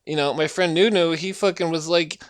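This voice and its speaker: A man's voice: a little high, steady tone, brisk, clear, resonant tone, dry recording, clean studio sound. A man rambling through a profane rant at home, swearing constantly, trailing off and restarting his sentences. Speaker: vlogger ranting to camera.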